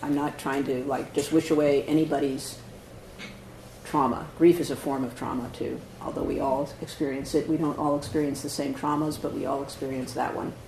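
A man's voice: mid-range voice, flat delivery, brisk, creaky. A man, a Zen teacher, giving a dharma talk in a conversational way, often asking "right?" and "you know". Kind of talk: dharma talk answering questions. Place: meditation hall. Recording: echoey hall, faint noise.

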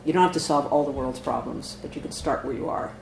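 A man teaching in a relaxed, conversational way, checking in with his listeners as he goes. He speaks at a middle pitch. His voice rings in an echoey meditation hall with faint noise behind it. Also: fast, vocal fry. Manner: conversational, frequent "right?" and "you know". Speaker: Zen teacher giving a dharma talk. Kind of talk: dharma talk answering questions.

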